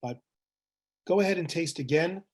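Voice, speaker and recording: A man leading a tasting webinar, talking in a thoughtful, descriptive way and pausing to find the right words. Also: fairly high pitch, darkish tone, breathy edge. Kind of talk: guided tasting talk. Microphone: webinar mic.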